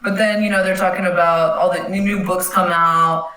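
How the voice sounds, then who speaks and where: Woman, podcast co-host, easygoing chat, bright tense tone, echoey. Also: lowish voice, steady tone, moderate pace. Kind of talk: casual chat.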